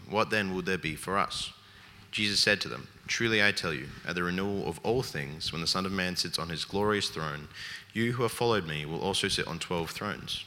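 A man reading a Bible passage aloud in a steady, measured way. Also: low voice, big-room sound, slight background noise. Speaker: scripture reader.

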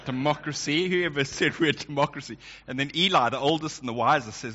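A man's voice: mid-range voice, normal speed, hardly any pauses. A middle-aged man preaching a sermon as pastor, telling stories and acting out quotes as he goes. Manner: lively storytelling with acted quotes. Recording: lo-fi dull recording.

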